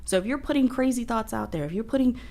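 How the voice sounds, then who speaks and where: A woman's voice: on the high side, expressive, fast, vocal fry, darkish tone. Young woman, podcast guest; upbeat, chatty, laughs easily. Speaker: agency coordinator, guest. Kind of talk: casual interview chat.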